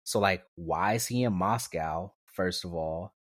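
A man's voice: sits low, unhurried, dry recording, clean studio sound. Laughing, slangy man in casual chat. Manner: animated, laughing, slangy storytelling. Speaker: podcast co-host.

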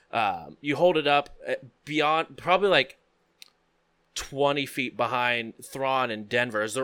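A man narrating a tabletop game as game master, describing scenes in a halting way with frequent fillers. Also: medium pitch, pushed and bright, clean tone, no room sound.

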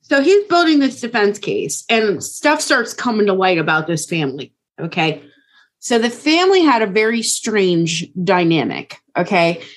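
Woman co-host, casual true crime storyteller, frequent check-ins. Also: medium pitch. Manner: casual, keeps checking in with okay. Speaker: podcast co-host.

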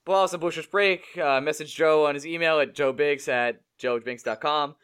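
A young man hosting a casual sports podcast with a sarcastic, quick-fire manner. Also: on the high side, fairly even intonation, fairly bright tone, clear, resonant tone. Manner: sarcastic, fast-talking. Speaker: podcast host.

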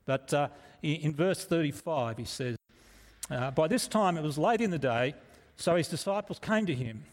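A man's voice: a little high, expressive, normal speed. A man preaching a sermon in an earnest, emphatic way, often restarting his phrases. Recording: echoey hall reverb.

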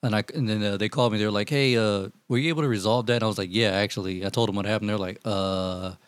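A man telling profane, animated stories in casual chat with friends, acting out what people said. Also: lowish voice, fast talker, clean tone, no room sound. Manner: profane, animated storytelling, acts out quotes. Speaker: storyteller among friends.

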